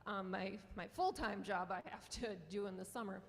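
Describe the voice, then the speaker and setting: With a steady, medium-pitched voice at a moderate pace, she lectures in a hall where a long reverb tail lingers. She is a journalism professor and newspaper publisher from Western North Dakota with a matching accent, speaking earnestly and passionately with small laughs at a conference.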